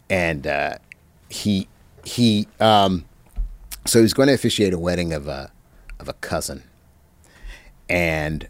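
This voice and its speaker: A man telling stories as an interview guest, reflective and halting, with many pauses and fillers. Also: deep voice, no echo. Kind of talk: reminiscing anecdotes.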